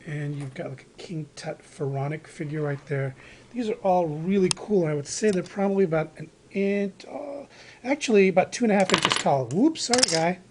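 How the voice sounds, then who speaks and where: A man chatting loosely through a show-and-tell of his collectibles, rambling and restarting with plenty of fillers. He is recorded indoors on a handheld camera mic, with a faint hiss of noise behind him. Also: sits high. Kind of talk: casual show-and-tell narration. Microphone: handheld camera microphone.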